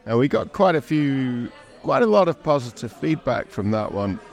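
A man's voice: mid-range voice, sing-song, moderate pace. A man co-hosting a podcast, chatting casually with many fillers and chuckles. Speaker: podcast co-host. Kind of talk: casual chat.

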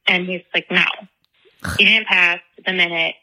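A woman's voice: on the low side, little pitch movement, normal speed, bright, forceful tone, rough recording. A young woman from the Chicago area leaving a rambling voicemail, telling a story with frequent giggles. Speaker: voicemail caller. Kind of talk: voicemail anecdote.

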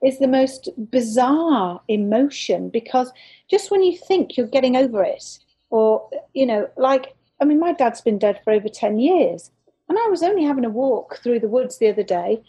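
A woman with a high voice that swings widely as she speaks. She is a medium appearing as a guest in a casual chat. Her storytelling rambles and turns emotional. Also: animated, moderate pace, mellow, slightly rough, rough recording.

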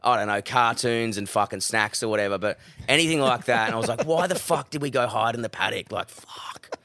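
A bright, forceful Australian man tells wild stories on a podcast. He swears constantly and leaps into shrill voices when quoting people. The sound is close and dry. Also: fast, no room sound. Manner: swears constantly, loud animated retelling with high-pitched quoted voices. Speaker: comedian guest. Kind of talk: casual podcast storytelling.

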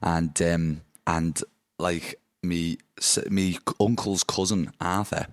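A man's voice: low-pitched, fairly even intonation, slow, dry recording. A man from Liverpool with a Scouse accent, chatting casually and telling anecdotes with lots of fillers. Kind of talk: casual chat.

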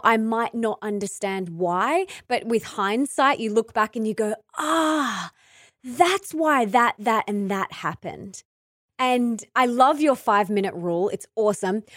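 A woman in her thirties hosting a podcast, enthusiastic and quick to laugh as she chats casually. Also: on the high side, no echo, clean studio sound. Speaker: podcast host. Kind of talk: casual interview talk.

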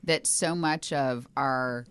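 A woman's voice: extremely low pitch, slow, smooth. A woman co-hosting a podcast with her husband, chatty and talking openly about marriage. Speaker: podcast co-host. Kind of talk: casual podcast chat.

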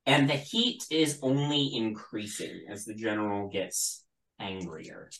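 A game master running a tabletop game, halting and full of ums as the rolls come in. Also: medium pitch, animated, a bit bright, roomy sound, low-quality recording. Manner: halting, lots of ums and likes.

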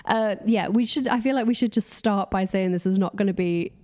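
A woman trades quick, jokey banter as a podcast co-host. She chats casually from a sofa at home and keeps the tone light and fast-moving. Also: medium pitch, darkish tone. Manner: chatty, jokey, quick-talking. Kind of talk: casual chat.

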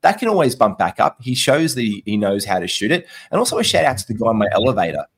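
A young adult man co-hosting a podcast in casual chat, telling stories in a chatty, animated way. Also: mid-range voice, fast talker, breathy edge. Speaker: podcast co-host.

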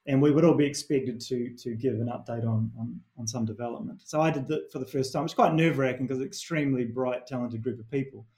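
A middle-aged man from New Zealand speaks with a mellow, warm tone and a clear Kiwi accent. He tells stories earnestly and reflectively, often restarting his phrases as he works through an idea in an interview. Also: medium pitch, quick pace, hardly any pauses. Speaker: performance coach, author.

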